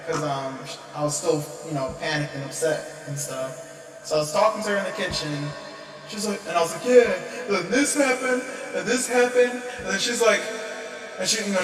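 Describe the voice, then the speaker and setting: Young man telling a story in an echoey room. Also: on the high side. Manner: animated, rambling, laughs often. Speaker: livestreamer. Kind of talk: casual storytelling on a livestream. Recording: echoey room, distant mic, guitar music. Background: guitar music.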